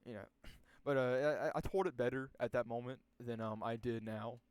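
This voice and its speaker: Young male storyteller, laid-back and rambling, crude language, mid pitch, dry recording. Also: normal speed, a little mellow, clear, resonant tone, dry recording. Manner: rambling, profane, many restarts and fillers. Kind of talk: casual storytelling.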